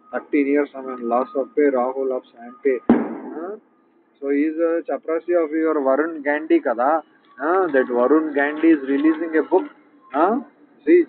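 Man, angry rambling news rant, muffled tinny line with a faint hiss. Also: mid-range voice. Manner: angry, ranting, peppered with "huh?" and "okay?". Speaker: channel host. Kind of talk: rambling monologue reading out news headlines. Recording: tinny phone-like audio with faint noise.

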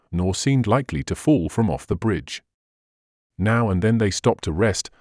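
A man narrating a classic adventure tale as an audiobook reader, expressive and steady. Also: on the low side, dry recording, studio quality. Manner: expressive storytelling. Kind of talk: scripted narration.

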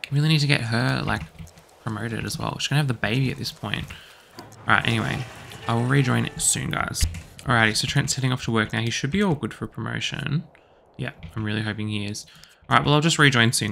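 An excitable man, chatting casually through a let's play commentary. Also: mid-range voice, creaky, a little hiss or hum. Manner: chatty, excitable, quick exclamations. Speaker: gaming YouTuber.

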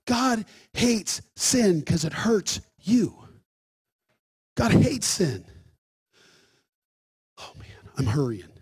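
Brief: male pastor, high tenor, jokey asides turning into forceful preaching. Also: husky. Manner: joking asides, then emphatic preaching. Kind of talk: sermon.

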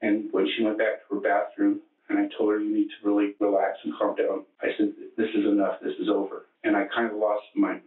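The tinny, echoey archive tape picks up a murder suspect from across the interrogation room, recorded at a distance. Speaking low and monotone, he gives matter-of-fact testimony in halting fashion, frequently starting over.

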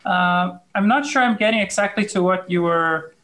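A woman's voice: fairly low pitch, normal speed, fairly bright tone, poor audio. A woman who is a guest on an online panel, giving a casual technical explanation in a loose, hesitant way with many fillers. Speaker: panel guest, conference speaker. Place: remote video call.

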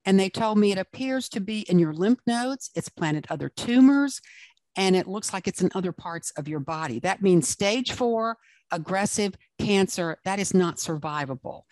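A woman's voice: medium pitch, lively intonation, moderate pace, darkish tone, dry recording. A woman from South Carolina with a Southern accent, a guest author and speaker telling her story in an interview in an earnest, emphatic way.

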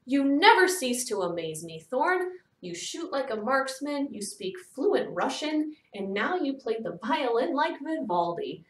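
Woman reading a jovial teasing gentleman, playful banter, higher and louder, echoey room, distant mic. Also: big pitch swings, measured pace, few pauses.

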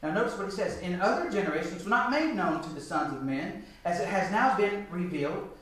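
Man, 40s, high-pitched preacher, lecture-sermon delivery, heard from a distance in a very echoey church hall. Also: lively intonation, brisk, fairly bright tone. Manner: emphatic, rhetorical questions, reads scripture aloud.

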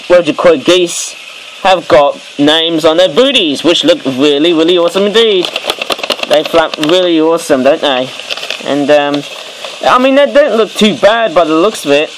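A man reviewing homemade toy cards at home late at night, rambling with many fillers and sudden excited outbursts. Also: a little high, a little hiss or hum, rough recording. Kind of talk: casual toy review vlog.

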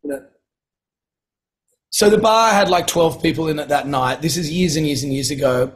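A middle-aged man tells stories in a loose, easygoing way. His voice sits on the high side for a man, and he keeps pausing to clear his throat. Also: poor audio. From Australia. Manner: relaxed, chatty, clears throat often. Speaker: guest, singer-songwriter. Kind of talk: casual anecdotal storytelling.

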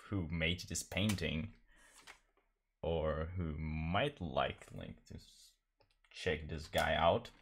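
Low, slow, gravelly-voiced man streaming. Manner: rambling, self-deprecating, laughs often. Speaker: streamer painting live. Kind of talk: casual live-stream chat.

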